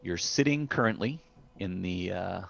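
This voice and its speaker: A man's voice: deep voice, expressive, a little slow, creaky, fairly bright tone. A man narrating a tabletop game as game master, hesitant with many fillers and restarts. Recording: dull lo-fi sound.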